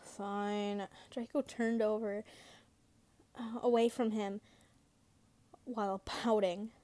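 Slow, giggly woman reading fan fiction. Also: fairly high pitch, flat delivery, dark tone, no echo. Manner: giggly, stumbling over words while reading. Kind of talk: casual story reading.

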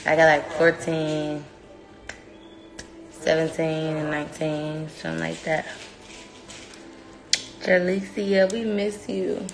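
A young mother chatting casually in a home vlog, coaxing her toddler in a sing-song voice and giving relaxed updates to the camera. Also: low voice, slow, vocal fry, long pauses, over music. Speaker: mother and vlogger.

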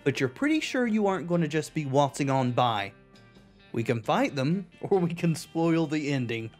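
A man's voice: on the high side, sing-song, normal speed, faint music behind. A man hosting a video game playthrough, reading the game's text aloud and adding dry wisecracks. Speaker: let's play host. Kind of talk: game commentary.

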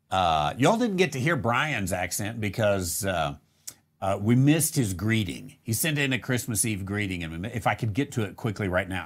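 A man hosting a casual live question-and-answer show, rambling with many fillers and restarts and chuckling now and then. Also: on the low side. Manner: chuckles between remarks. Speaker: host answering viewer questions.

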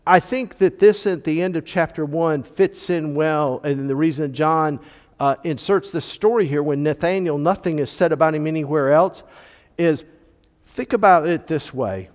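Male church teacher, explanatory and emphatic, somewhat high voice, recorded with a long hall tail. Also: normal speed. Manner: explanatory, stressing key words, frequent fillers. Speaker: Bible study teacher. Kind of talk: teaching a church Bible class. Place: church classroom.

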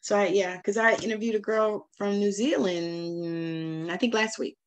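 A woman's voice: mid-range voice, unhurried. A woman from Savannah with a Southern US accent, hosting a casual interview, chatty and affirming, laughing often. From Savannah, Georgia, US. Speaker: host.

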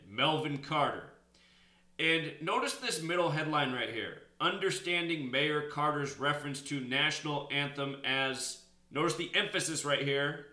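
A man's voice: a little high, sharp tone, roomy sound. A man hosting a solo commentary video in a lecturing, emphatic way. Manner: emphatic, lecturing, presses points hard. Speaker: host.

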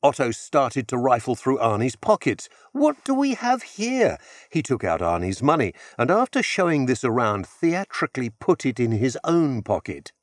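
Man narrating an audiobook, expressive and dry. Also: medium pitch, no room sound. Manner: measured, expressive storytelling.

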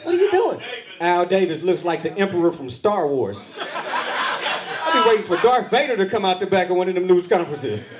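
A brisk, animated male stand-up comedian with a high voice performs a set on a comedy club stage, acting out quoted voices. The crowd laughs loudly throughout the live club recording.

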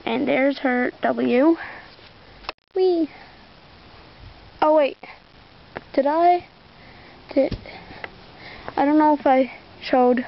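Brief: young woman, slow, high-ish voice, rambling casual show-and-tell, muffled outdoor recording. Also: creaky, slight background noise. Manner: rambling, chatty, lots of "like". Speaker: vlogger showing a toy collection.

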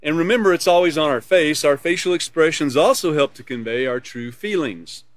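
With a voice on the high side and a fairly quick pace, a man leads a live online character education class. He reads from a course manual and explains it earnestly, laughing and smiling along the way. There's no room sound.

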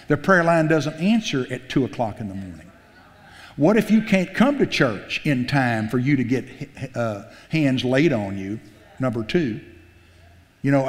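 A pastor preaches a sermon in a church sanctuary, telling folksy stories and building to fervent exclamations. His medium-pitched voice moves at a moderate pace with lively intonation, and the recording carries long church-hall reverb.

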